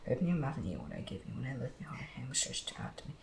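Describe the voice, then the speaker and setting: A man reads scripture aloud quickly, with a gravelly edge to his voice. The room is echoey and a steady background noise runs underneath. He stumbles and restarts now and then. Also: medium pitch, whispered. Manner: steady reading with slips and restarts. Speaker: Bible reader.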